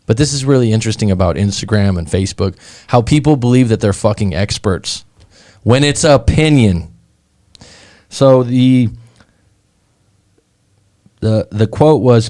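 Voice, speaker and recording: A man's voice: fairly low pitch, lively intonation, unhurried, long pauses, warm tone. A man, a breakup coach and show host, talking casually and bluntly in a monologue, swearing as he retells online arguments.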